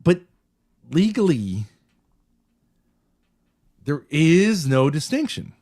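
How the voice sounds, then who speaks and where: A man's voice: a little high, big pitch swings, drawn-out words, a little mellow. A man chatting casually as a streamer reviewing his call-in, rambling, joking and provocative. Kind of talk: casual chat.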